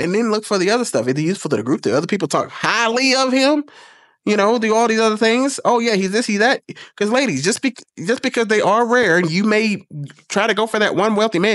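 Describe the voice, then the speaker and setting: A man's voice: high voice, fairly bright tone, no echo, studio quality. A man hosting a casual commentary video, blunt and profane, lecturing in an exasperated way.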